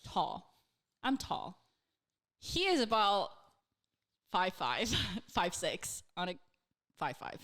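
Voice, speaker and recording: Bright, animated woman telling a story. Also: lowish voice, slow pace, long pauses. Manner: animated, heavy use of "like", swears freely; acts out quotes in her own voice. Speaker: co-host. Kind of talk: casual storytelling chat.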